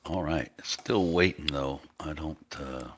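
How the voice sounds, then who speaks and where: A man's voice: a bass voice, unhurried, a bit bright, slight background noise. A man co-hosting a live day trading stream, laid-back, with short remarks and folksy phrasing. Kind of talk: casual live-stream chat.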